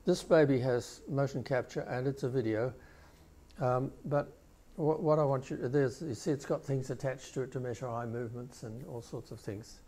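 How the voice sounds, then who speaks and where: An older male professor giving a conference keynote, explaining video clips with pauses and restarts. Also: medium pitch, dark tone. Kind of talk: conference lecture.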